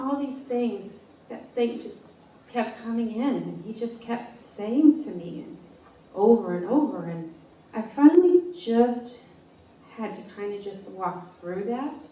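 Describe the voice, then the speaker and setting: A woman in her forties giving a personal testimony at a church meeting, speaking in a halting, heartfelt way with frequent restarts. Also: mid-range voice, mellow, slight background noise. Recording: echoey room, voice from a distance.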